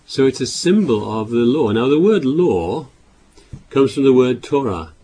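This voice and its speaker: A man preaching a sermon, reading scripture aloud louder and explaining it with halting restarts and repeated words. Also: mid-range voice, big pitch swings, husky.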